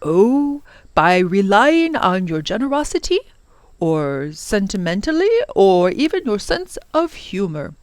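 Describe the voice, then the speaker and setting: A woman reading a storybook aloud, voicing a wise, kind older professor who reassures the children in a lively way. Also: mid-range voice, a little slow, no room sound. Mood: reassuring.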